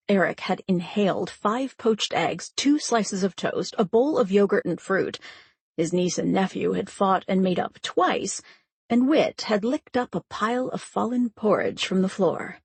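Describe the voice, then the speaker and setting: A woman reads an audiobook at a slow, measured pace. Her voice is raspy and gravelly. The recording is dry and close. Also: medium pitch, expressive, no room sound. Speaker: audiobook narrator. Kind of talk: scripted narration.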